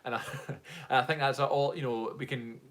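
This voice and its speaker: A man's voice: medium pitch, steady tone, normal speed, a bit bright. A young man with a Glaswegian Scottish accent, chatting casually on a live stream and reading out viewer comments in a rambling way, full of fillers. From Scotland, Glasgow. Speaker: music reaction streamer.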